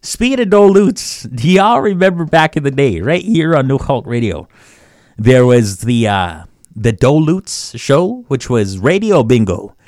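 Slow, chuckling man teaching phrases. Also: medium pitch, sing-song, a little mellow, no room sound, clean studio sound. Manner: repeats phrases slowly, chuckles often, chatty asides. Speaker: language teacher on a community radio show. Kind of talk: casual language lesson.

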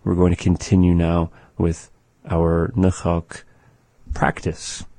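A man teaching a language lesson, saying each word twice, once at speed and once slowly, patiently and methodically. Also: low-pitched, monotone, dark tone, no room sound. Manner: slow, patient, repeats words twice.

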